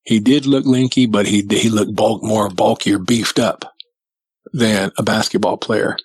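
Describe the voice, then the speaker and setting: A man's voice: lowish voice, unhurried, slightly rough, dry recording. Folksy middle-aged man telling a story. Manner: lively retelling with lots of quoted dialogue; folksy, plain-spoken. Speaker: guest recounting a sighting. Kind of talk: casual storytelling.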